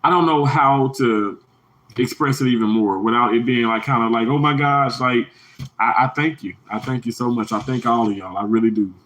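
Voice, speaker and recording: A man with a bit of brightness in his voice hosts an emotional livestream at a moderate pace, heard through rough recording quality. Rambling and heartfelt, he repeats himself, and emphasis sends his pitch jumping high.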